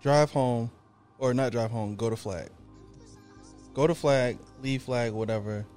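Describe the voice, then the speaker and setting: A man's voice: mid-range voice, unhurried, darkish tone, faint music behind. A young man on a podcast, casually telling a story and acting out his own profane reactions. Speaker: podcast co-host.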